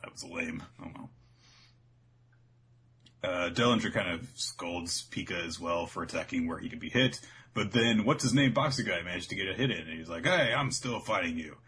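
A man's voice: low-pitched, moderate pace, pushed and bright, husky. A man co-hosting a podcast, casually recapping an episode in a rambling way and laughing often. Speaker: podcast co-host.

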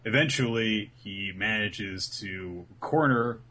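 A man's voice: fairly low pitch, slow pace, pushed and bright, slight background noise. A man casually recapping episodes as a podcast co-host, acting out the characters' lines as he tells the story. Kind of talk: casual chat.

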